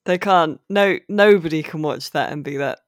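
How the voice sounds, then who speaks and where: A chatty speaker in a relaxed talk, with a dry, close sound and a mid pitch. They join in easily and add dry asides. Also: normal speed, no room sound. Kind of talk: casual chat about games.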